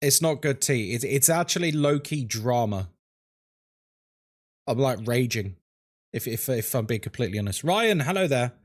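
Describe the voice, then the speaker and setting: A man chatting on a live game stream, his pitch jumping up and down as he greets people by name. He jokes freely and keeps the banter going. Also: expressive, normal speed, pauses often. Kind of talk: casual live-stream chat.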